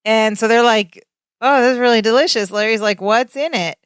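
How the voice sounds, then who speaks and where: A woman's voice: on the high side, normal speed, clean tone, no echo, clean studio sound. A woman co-hosting a podcast, recapping a sitcom episode in casual chat and acting out the characters' lines as she goes. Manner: animated retelling, acting out lines. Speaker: podcast co-host.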